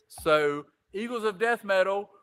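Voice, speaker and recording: A man's voice: sits high, fairly bright tone, smooth. A man telling a long casual story as a podcast guest, rambling and repeating "I said," swearing casually. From Greenville.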